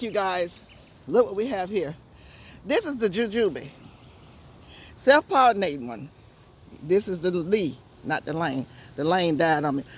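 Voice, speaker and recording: A woman's voice: fairly low pitch, darkish tone, slight background noise. A woman with a Southern US accent giving a casual, folksy garden tour outdoors, chatting straight to her viewers. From Georgia, USA. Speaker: home gardener vlogger.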